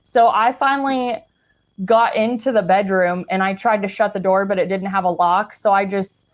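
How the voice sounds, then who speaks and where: A woman's voice: mid-range voice, fairly even intonation, moderate pace. Chatty young woman telling her story. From Kansas City, Missouri, US. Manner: frank and chatty, heavy use of "like", casual swearing. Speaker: podcast guest. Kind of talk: candid personal storytelling in a casual chat.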